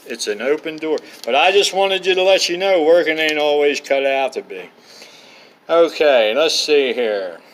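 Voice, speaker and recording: A middle-aged man spins loose, meandering yarns from a campsite, slipping in asides and frequent uhs. His voice sits a touch higher than most men's. He keeps it casual and colloquial. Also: expressive, normal speed, low-quality recording. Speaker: vlogger. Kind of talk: rambling personal storytelling. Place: outdoors at a campsite.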